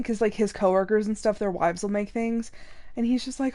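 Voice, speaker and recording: A woman's voice: medium pitch, steady tone, fairly quick, dark tone. A young woman streaming a game and chatting casually, laughing often and acting out what others said. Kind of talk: casual chat while gaming.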